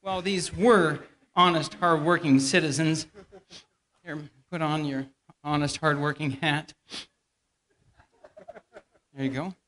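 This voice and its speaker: A church elder, a man, teaches a Bible lesson in a church hall before a congregation by playfully directing volunteers through a staged skit and feeding them lines. His slightly high voice is steady and fairly bright, slow with frequent pauses, and there's slight background noise.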